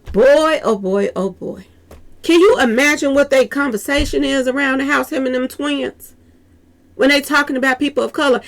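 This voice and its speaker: A commentary channel host reacts to a clip, speaking animatedly and straight to her viewers, often calling them "y'all." Her voice is a little high, varies widely in pitch, and carries a gravelly edge.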